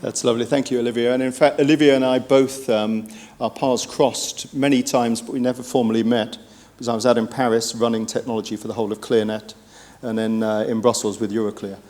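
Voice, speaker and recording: A man's voice: mid-range voice, flat delivery, a little fast, darkish tone. A man moderating a conference panel in a friendly, conversational way with frequent fillers.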